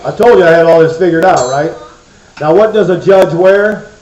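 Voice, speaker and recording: A man's voice: a little high, normal speed, background noise. A man presenting to a children's church crowd in a playful, joking, chatty way. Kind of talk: comic talk to a kids' audience. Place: church hall before a crowd of kids. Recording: echoey hall, muffled sound.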